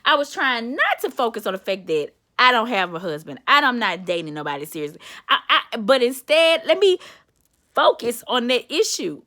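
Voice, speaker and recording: Woman motivator, vlog storyteller: bright tone, lively swooping pitch, candid and chatty. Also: normal speed. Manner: candid, chatty, calls listener honey and baby. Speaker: self-described motivator.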